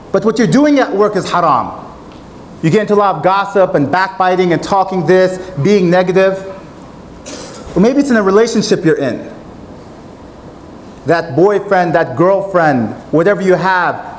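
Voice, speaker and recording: A man's voice: high voice, a little hiss or hum, rough recording. A man preaching a sermon in a mosque, earnest and storytelling. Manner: earnest, retelling a story with quoted dialogue.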